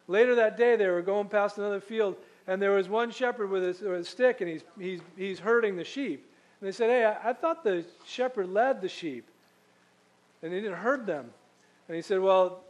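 A male pastor delivers a sermon in a relaxed, conversational storytelling manner. His voice sits high for a man. He breaks off now and then to read scripture aloud. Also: rough recording.

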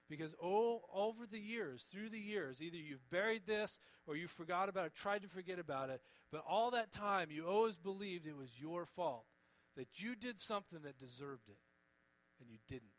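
Gentle earnest preacher guy, pleading, goes soft on the big words, bit of hum behind. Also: on the high side, rough recording. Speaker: pastor. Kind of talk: sermon.

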